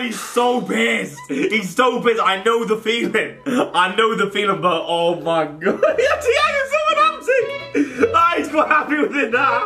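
A young man reacting loudly and excitably as a video host, with swearing outbursts. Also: extremely high pitch. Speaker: YouTuber host. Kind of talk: pack opening reaction commentary.

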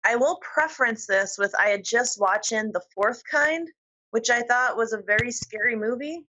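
A woman guest on an interview show, telling a personal story in a lively, giggly way. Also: on the high side, moderate pace, low-quality recording. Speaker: podcast guest.

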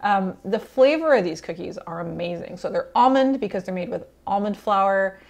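An upbeat woman hosts a home cooking video, chatting about a recipe in an easygoing way. She sounds excited and natural, with relaxed fillers and the odd little laugh, and her pitch sits at a middle height. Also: moderate pace, vocal fry. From Italian heritage. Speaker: cooking show host. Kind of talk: casual cooking talk to camera.

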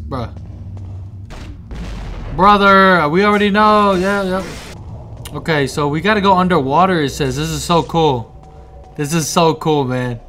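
A young man giving excitable let's-play commentary, swearing, laughing and talking back to the game as he plays. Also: a little high, a little slow, long pauses, slight background noise. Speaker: gamer playing through a video game.

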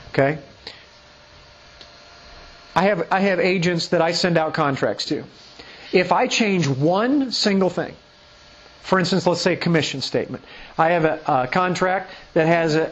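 High-voiced pastor preaching emphatically. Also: male voice, lo-fi sound. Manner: emphatic, full of rhetorical questions; reads scripture aloud. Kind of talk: sermon teaching.

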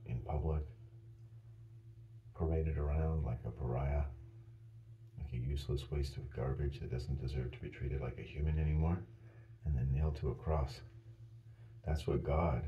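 A man ranting in a heated, sarcastic and profane way that builds to shouting, with a roomy echo. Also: extremely low pitch, muffled recording, slight background noise. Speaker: vlogger. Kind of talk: profane rant.

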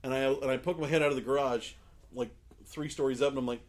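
A man's voice: mid-range voice, quick pace. A man telling a long story in casual podcast chat, acting out the people in it and often laughing. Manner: animated, acts out quoted people, laughs often. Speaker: podcast co-host.

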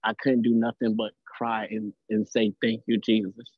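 A man's voice: lowish voice, flat delivery, no echo. Man on a tinny phone-like line. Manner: earnest, halting, repeats words. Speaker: caller sharing a testimony. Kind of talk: spontaneous testimony on a live call.

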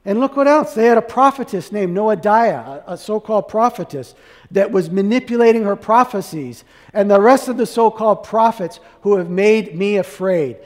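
A man's voice: high voice, lively intonation, normal speed, long reverb tail. A man preaching a sermon as pastor, asking the congregation one question after another.

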